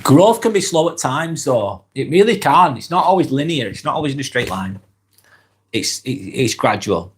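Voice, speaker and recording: A man with a Lancashire accent, hosting a casual live stream while he has a head cold, talking in a relaxed, earnest way and reading viewers' comments aloud. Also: medium pitch, moderate pace. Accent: Lancashire English. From Lancashire, England. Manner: relaxed, earnest, rambling with fillers and sighs.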